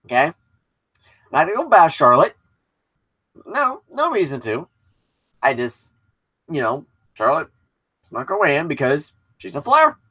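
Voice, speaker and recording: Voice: mid-range voice, big pitch swings, a little slow, pauses often, sharp tone, husky. A wrestling show commentator giving a casual recap and opinion, passionate and blunt, with some swearing.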